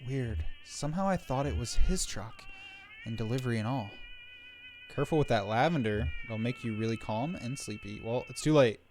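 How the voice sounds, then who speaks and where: A male streamer plays through a narrative game, reading each character's lines out loud with a playful touch and tossing in quick jokes between them. Soft game music plays faintly in the background. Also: medium pitch, huge pitch swings. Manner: playful, reads game lines aloud between jokey asides. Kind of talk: live game stream, reading dialogue aloud.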